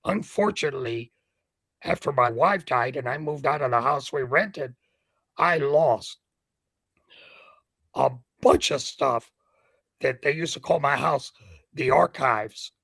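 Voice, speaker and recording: An older man with a gravelly, husky voice, a ring announcer telling stories as an interview guest and acting out the scenes. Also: mid-range voice, takes it slowly, long pauses, no echo, low-quality recording. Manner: lively storyteller who acts out scenes. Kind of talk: animated anecdote telling.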